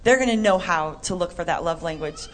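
A woman co-hosting a Christian talk show, chatty and animated, acting out little quotes. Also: on the low side, a little fast. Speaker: co-host. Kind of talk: Christian podcast chat.

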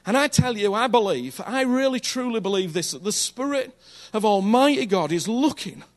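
A man's voice: high voice, lively intonation, normal speed. A man preaching a sermon in a conversational, earnest way, often checking in with his listeners and repeating phrases for emphasis.

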